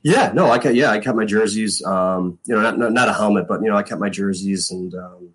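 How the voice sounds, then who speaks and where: Deep-voiced man telling stories. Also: brisk, a bit bright, breathy edge, poor audio. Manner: rambling, many fillers, acts out quotes. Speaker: guest, former pro football punter. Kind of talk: casual storytelling interview.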